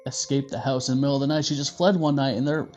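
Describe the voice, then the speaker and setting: Male review host, loose and profane, mid-pitched, slightly muffled track with light music under. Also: fast talker. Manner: profane, joking, animated. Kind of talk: casual movie review.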